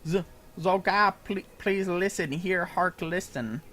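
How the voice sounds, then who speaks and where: A small, frightened kobold, as a man puts it on, begging in a squeaky, high voice. It sounds timid and desperate, raised well above a normal speaking pitch. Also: takes it slowly, pushed and bright, exaggerated voice. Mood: pleading. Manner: squeaky, pleading.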